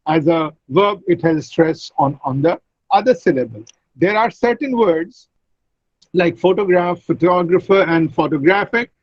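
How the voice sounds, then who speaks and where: Casting: male teacher lecturing over a video call, high voice, dry muffled audio, patient repetition. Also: lively intonation, dry recording. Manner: explains slowly, repeats example words. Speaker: English teacher. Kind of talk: online class lecture.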